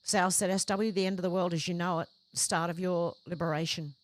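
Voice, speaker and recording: A woman's voice: lowish voice, steady tone, brisk. A woman hosting a livestream, reading out viewers' chat comments one after another and adding short conversational reactions of her own. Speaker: livestream host.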